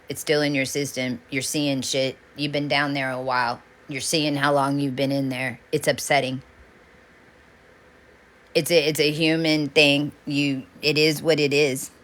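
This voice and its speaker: Low-voiced woman, intense and profane. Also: flat delivery, moderate pace, a bit bright. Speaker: self-styled channeler. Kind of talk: rambling spiritual monologue.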